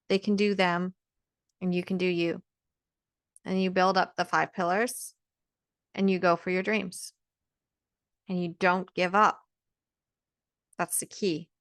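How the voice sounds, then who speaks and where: A woman's voice: lowish voice, a bit bright, dry recording, studio quality. A woman speaking straight to camera in an earnest, emphatic motivational talk, often repeating words as she presses a point. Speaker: vlogger giving encouragement.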